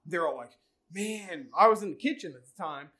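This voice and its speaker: A man's voice: sits high, animated, normal speed, bright, forceful tone. A man co-hosting a casual podcast, telling a story and laughing through it while swearing freely. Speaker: podcast co-host.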